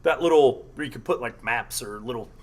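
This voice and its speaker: A man's voice: mid-range voice, fairly quick. A man hosting a radio show, telling a rambling, profane story in casual chat. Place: studio.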